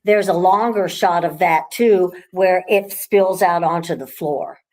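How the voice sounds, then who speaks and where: A woman who owns a haunted house, chatting casually in a relaxed, rambling way with frequent restarts. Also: lowish voice, measured pace. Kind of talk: casual conversation.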